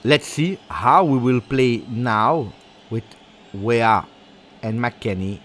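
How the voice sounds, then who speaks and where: Excitable Italian man commentating a match. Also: medium pitch, takes it slowly. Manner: excitable, switches into Italian exclamations, talks to chat. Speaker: fan streamer doing live match commentary. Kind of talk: live watch-along match commentary.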